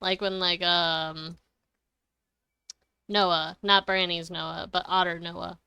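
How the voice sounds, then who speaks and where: Young adult female streamer, loose rambling chat full of giggles and cussing; bright, dry close sound. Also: on the low side, level tone, takes it slowly, vocal fry, clean tone, no room sound. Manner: giggly, swears freely; rambling, self-correcting. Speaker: game streamer. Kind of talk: casual live-stream chat.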